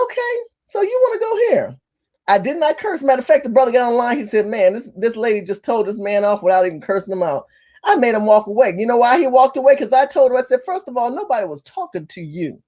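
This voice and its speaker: A woman telling a story to her camera in an animated, emphatic rant, with some cursing. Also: on the high side. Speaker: vlogger. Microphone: phone or camera facing her.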